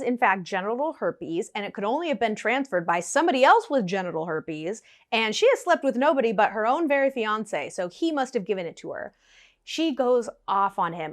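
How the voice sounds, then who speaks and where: A young woman telling a story in a vlog, animated and laughing often. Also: a little high.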